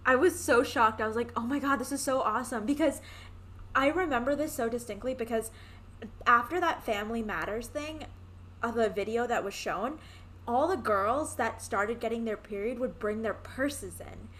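A woman's voice: a little high, moderate pace, fairly bright tone, slight background noise. A young woman co-hosting a podcast, telling stories casually, acting out quotes and laughing often. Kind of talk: casual chat.

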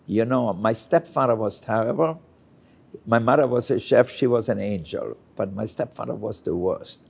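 A man's voice: lowish voice, moderate pace, vocal fry, darkish tone, husky. An older man from Austria, a chef being interviewed, telling candid anecdotes and acting out the people in them. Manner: candid anecdotal storytelling with quoted voices. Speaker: chef guest. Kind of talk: storytelling interview.

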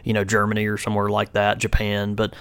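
A man's voice: fairly low pitch, monotone, a bit bright, clear, resonant tone, no room sound. Friendly American man co-hosting a podcast. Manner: friendly, quick to laugh. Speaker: podcast co-host. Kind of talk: casual podcast chat.

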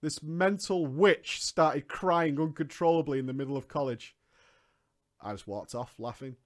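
A man's voice: fairly high pitch, normal speed. A man reading a story aloud and breaking into mocking asides, laughing often as he comments.

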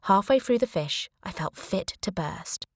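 A woman's voice: mid-range voice, lively intonation, unhurried, no echo. A young adult woman narrating a thriller audiobook in the first person, with a dry, wry manner.

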